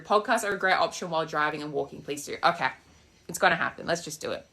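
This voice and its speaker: A fast-talking young woman with a low, gravelly voice that sounds pushed and bright coaches manifestation on a casual live stream. She's walking outside holding her phone, answering comments sassily and bluntly, cursing freely.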